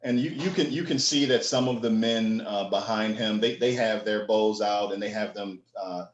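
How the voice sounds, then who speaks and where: Man game master, low voice, halting narration, echoey room, lo-fi. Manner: halting, many fillers and restarts. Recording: echoey room, dull lo-fi sound.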